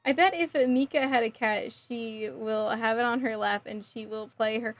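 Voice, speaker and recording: A woman's voice: a little high, fairly even intonation, normal speed, soft background music. A woman in her thirties chatting casually with her viewers while building a model kit, giggling often. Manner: chatty, giggly, reading chat aloud. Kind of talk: casual livestream chat.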